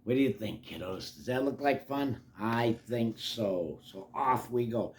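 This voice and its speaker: Slow, chatty grandpa reading to kids. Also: male voice, mid-range voice, a little hiss or hum. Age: older. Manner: chatty, coaxing asides to kids. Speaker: storybook reader. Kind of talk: reading aloud to children.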